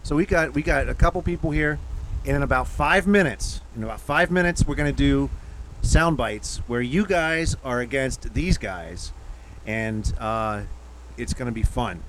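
A man hosts a loose conversation in an average, even voice. He stumbles and repeats words as he talks. Clear background noise runs under him. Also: medium pitch, moderate pace, poor audio. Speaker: host. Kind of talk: casual podcast banter.

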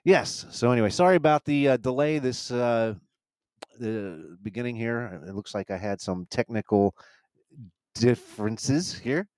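A man's voice: medium pitch, measured pace, darkish tone, no room sound, poor audio. A man hosting a casual live podcast, rambling with many restarts and easy laughter. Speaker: podcast host. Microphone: handheld mic.

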